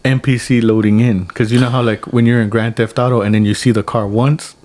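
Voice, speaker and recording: A man's voice: mid-range voice, a little fast. Brief: young male podcast co-host, casual rambly chat, lots of restarts, acts out quotes. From United States. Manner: rambling storyteller, many restarts, animated quotes. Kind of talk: casual chat over drinks.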